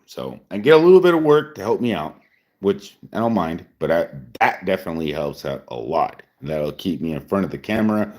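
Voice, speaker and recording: A man in his forties with a few whiskeys in him chats casually on a live stream, rambling, repeating himself, and chuckling often as he drinks. His voice is low and darkish in tone, brisk in pace, with big swings in pitch.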